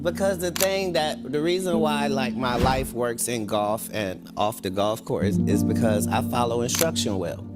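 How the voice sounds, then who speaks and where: A man in an interview, making boastful, playful claims with a deadpan edge. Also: mid-range voice, measured pace, hardly any pauses, over loud music. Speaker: interview guest. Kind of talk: joking interview talk.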